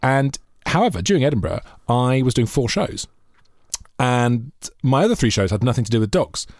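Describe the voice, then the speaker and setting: A man's voice: mid-range voice, normal speed, no room sound, studio quality. A Welsh man co-hosting a podcast, chatting casually and telling jokey stories with lots of laughter. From Wales. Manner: jokey, animated storytelling, often laughing. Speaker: podcast co-host. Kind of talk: casual chat.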